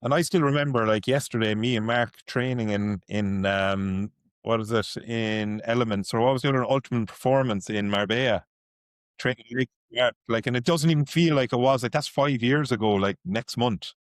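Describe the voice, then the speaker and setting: A man's voice: mid-range voice, normal speed, no echo, clean studio sound. An Irish man chatting casually on a podcast, reminiscing in a loose way with lots of fillers. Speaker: podcast guest. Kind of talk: casual chat.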